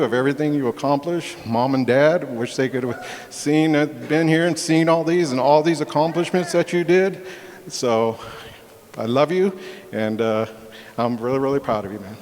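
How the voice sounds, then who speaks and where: A man's voice: medium pitch, normal speed. A man giving a toast to his retiring brother, joking yet heartfelt and laughing between words. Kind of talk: banquet toast. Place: banquet hall. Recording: echoey banquet hall with crowd murmur.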